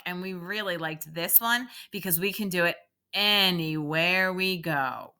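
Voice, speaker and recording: A woman teacher reading a picture book aloud to young children and guiding them through a calming exercise in a slow, sing-song way. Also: on the low side, smooth.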